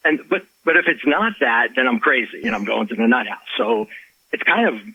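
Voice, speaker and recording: Male author guest, husky voice, lively storyteller on dull lo-fi audio. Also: mid-range voice, moderate pace, dry recording. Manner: animated, many restarts and fillers. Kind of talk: storytelling in a podcast interview.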